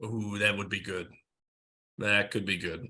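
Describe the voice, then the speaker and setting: A man's voice: fairly low pitch, fairly even intonation, a little slow, pushed and bright. A man from a brewing club chatting casually, making short dry remarks. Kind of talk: casual group chat.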